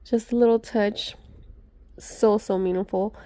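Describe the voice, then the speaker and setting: A woman chatting excitedly to her viewers as she unboxes gifts, gushing and talking to her audience. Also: medium pitch, measured pace, dry recording. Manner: gushing, chatty, many gasps and asides to viewers. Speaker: vlogger.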